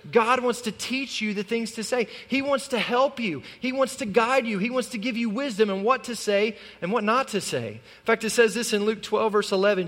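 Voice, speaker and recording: A male pastor preaching an animated sermon in a church, acting out the lines he quotes. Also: high voice. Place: church sanctuary. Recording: long reverb of a large hall.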